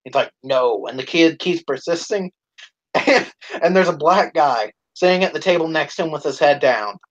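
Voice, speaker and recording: A man chatting casually on a live stream, his voice sitting a bit high for a man. He swears freely, laughs often and shouts out the lines he quotes. The sound is dull and lo-fi. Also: animated, moderate pace. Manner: profane, laughing, acts out quoted lines loudly.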